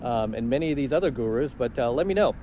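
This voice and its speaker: A man's voice: mid-range voice, expressive, quick pace, dark tone, a little hiss or hum, poor audio. A man telling stories in a casual vlog, confident and matter-of-fact. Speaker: channel host.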